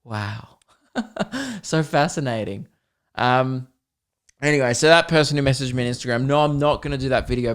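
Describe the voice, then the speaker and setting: A man's voice: mid-range voice, clean tone. An Australian man hosting a podcast, talking alone in a rambling, self-deprecating, joking way. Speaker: podcast host. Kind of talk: casual solo podcast monologue.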